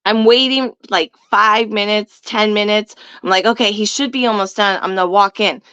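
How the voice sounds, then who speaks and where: A woman's voice: medium pitch, steady tone, normal speed, fairly bright tone, clear, resonant tone, no room sound, muffled recording. A young woman telling a story in casual chat, brash and profane, laughing often. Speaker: guest.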